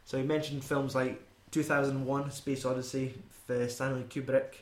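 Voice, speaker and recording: A man's voice: mid-range voice, level tone, normal speed. Scottish guy rambling about a movie, swears a lot, kinda echoey room. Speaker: podcast co-host. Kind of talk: casual film chat.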